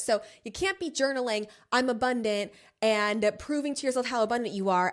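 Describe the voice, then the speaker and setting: A woman podcast host and self-help coach giving a casual motivational monologue, blunt and freely swearing, with frequent laughs. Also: on the high side.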